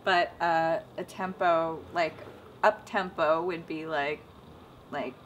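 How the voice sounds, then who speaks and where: A woman being interviewed about her travels and voice work, talking in an animated, self-mocking way and slipping into short sung demonstrations. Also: deep voice, takes it slowly, highs cut off, a little hiss or hum. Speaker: interviewee, voice actor and dialect coach. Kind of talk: casual interview with playful demonstrations.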